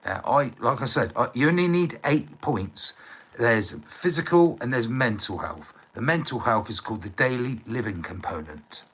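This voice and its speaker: A man's voice: mid-range voice, expressive, moderate pace, fairly bright tone, breathy edge, rough recording. A middle-aged man talking on a live stream, in a heated rant that is full of swearing, repeated words and asks for agreement. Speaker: livestreamer. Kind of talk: ranting live stream monologue.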